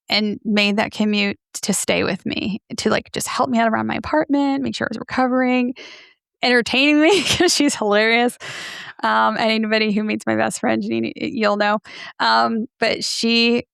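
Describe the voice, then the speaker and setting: A woman's voice: fairly high pitch, normal speed, creaky, smooth, no echo, clean studio sound. A woman podcast host in her thirties, earnestly telling a personal story in a candid interview and acting out the things people said to her. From from near New York City. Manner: earnest, animated storytelling, acts out quoted dialogue.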